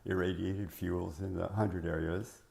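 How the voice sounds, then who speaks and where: Older man with a low gravelly voice. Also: level tone, measured pace, a little mellow. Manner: rambling, reminiscing, many fillers and restarts. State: voice cracking. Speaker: interviewee recalling his working life. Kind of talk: oral history interview.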